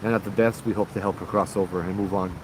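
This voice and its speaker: A man's voice: low-pitched, fairly even intonation, fast, background noise. A man with a Hawaiian Pidgin accent hosting a casual livestream, telling stories and reading out viewer comments. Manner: chatty, reads viewer comments aloud, frequent "right?". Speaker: paranormal show host.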